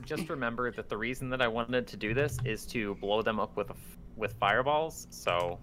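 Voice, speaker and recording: A player at a tabletop game who talks in a deliberate, plain way. A faint hiss runs under his voice. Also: medium pitch, fairly bright tone. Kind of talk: casual tabletop play.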